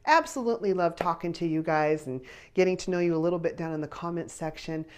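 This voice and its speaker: A woman in her fifties, a grandmother, chatting casually to her viewers as a vlog host, rambling and warmly animated as she tells a family story. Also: on the low side, fast talker, smooth. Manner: chatty, rambling, animated when telling stories. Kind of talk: casual chat to camera.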